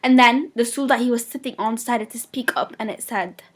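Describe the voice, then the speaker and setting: Woman student narrator retelling a folktale, fairly high, plain delivery. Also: a little fast. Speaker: student storyteller.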